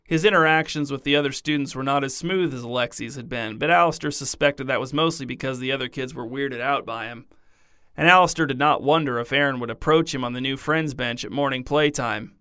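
A man narrating a story in a deadpan, scripted reading. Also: medium pitch, brisk, smooth, no room sound, studio quality.

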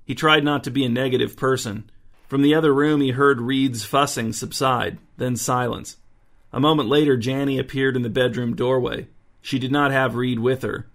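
A man narrating a story in a dry, even reading voice. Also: mid-range voice, normal speed, creaky. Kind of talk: audiobook narration.

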